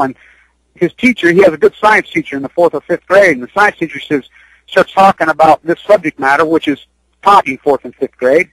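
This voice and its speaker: Male guest, high voice, urgent and rambling, dry radio sound. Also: quick pace, a bit bright, dry recording, poor audio. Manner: urgent, rambling, repeats himself. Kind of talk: impassioned radio interview talk. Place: Utah.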